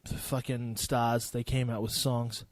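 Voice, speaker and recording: A man's voice: mid-range voice, flat delivery, takes it slowly, dry recording. A young man in his twenties with a New Zealand accent, hosting a casual solo podcast in a loose, profane, rambling way. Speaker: podcast host.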